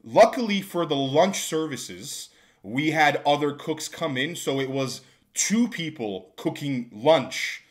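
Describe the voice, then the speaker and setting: A man with a fairly high, animated voice speaks slowly, telling a storytime vlog about a job. He sounds exasperated, and his monologue builds into shouting rants as he recounts the work story.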